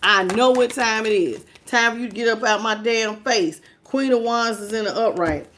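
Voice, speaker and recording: A woman's voice: on the high side, normal speed, a bit bright, slight background noise. A woman doing a tarot reading to camera, sassy and emphatic, often laughing as she talks. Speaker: tarot reader.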